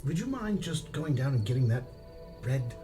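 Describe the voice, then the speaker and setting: A man's voice: medium pitch, sing-song, normal speed, natural voice. A man voicing a pompous, entitled male knight who giggles and stammers, in a tabletop game with music underneath. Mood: haughty. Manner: haughty, giggling, stammering aristocrat. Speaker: player.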